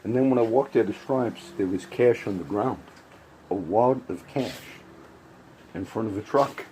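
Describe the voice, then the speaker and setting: A man's voice: on the low side, unhurried, warm tone, a little hiss or hum, low-quality recording. A man giving a casual, rambling spoken commentary with frequent restarts and asides. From grew up around Puerto Rican and Cuban friends.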